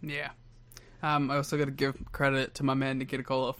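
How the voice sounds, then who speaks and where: A man's voice: medium pitch, completely flat delivery, fairly quick, a bit bright, clean tone, no room sound. Jokey man with a dry, close sound. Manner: jokey, laughs often, playful banter. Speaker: podcast co-host. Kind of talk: casual wrestling podcast chat.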